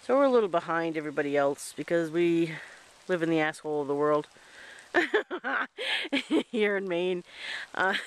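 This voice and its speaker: A man's voice: fairly high pitch, fairly quick, smooth, rough recording. A man chatting casually as he walks through his outdoor garden in light rain, recorded on a handheld camera. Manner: rambling, chatty. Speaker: vlogger. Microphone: handheld camera mic.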